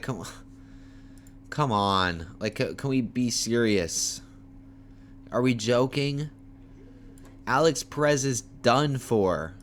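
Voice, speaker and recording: A man's voice: medium pitch, slight background noise. Tired, foul-mouthed man giving fight picks. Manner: animated, profane, playful trash talk. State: tired, yawning late at night. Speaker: MMA fight picks host. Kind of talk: casual fight preview talk. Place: homemade setup.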